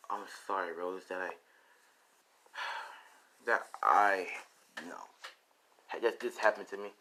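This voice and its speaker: Man voicing a quiet injured anime boy hero. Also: sits low, completely flat delivery, fast, pitched below the performer's own voice, close to an everyday voice. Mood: subdued. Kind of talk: retelling a fan story.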